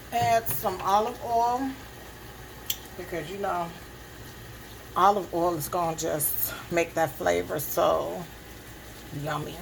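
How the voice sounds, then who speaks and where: Gravelly woman cooking at home. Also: on the low side, noisy background. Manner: chatty, addresses viewers, frequent "okay?" check-ins. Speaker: cooking vlogger. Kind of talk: casual cooking demonstration. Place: home kitchen.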